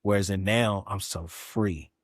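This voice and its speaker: A low-voiced middle-aged man tells his life story candidly on a podcast. He is animated and keeps slipping into other people's voices, jumping high in pitch. The sound is dry and close, with no room echo. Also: unhurried. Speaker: podcast guest.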